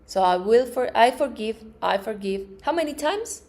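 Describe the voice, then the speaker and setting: A woman's voice: on the high side, lively intonation, normal speed, darkish tone. A woman teaching a group about positive attitudes, earnestly acting out affirmations and everyday reactions, often repeating words and restarting her phrases. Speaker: metaphysics teacher. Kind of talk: spiritual teaching talk. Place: live event in front of a group.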